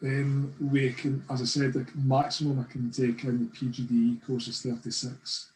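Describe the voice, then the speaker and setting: A man's voice: mid-range voice, little pitch movement, moderate pace, darkish tone, reverberant, a little hiss or hum, low-quality recording. A middle-aged man with a Scottish accent, leading a teacher-training webinar and telling anecdotes in a chatty way, often checking in with "right?". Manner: chatty storytelling, frequent "right?". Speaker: course leader. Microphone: video call.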